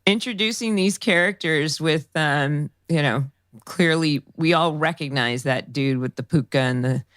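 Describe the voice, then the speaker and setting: A woman's voice: sits low, unhurried, fairly bright tone, dry recording, studio quality. A woman co-hosting a podcast, walking through scenes and adding short agreeing remarks. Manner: guides the recap, short agreeing interjections. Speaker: podcast co-host. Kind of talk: casual podcast conversation.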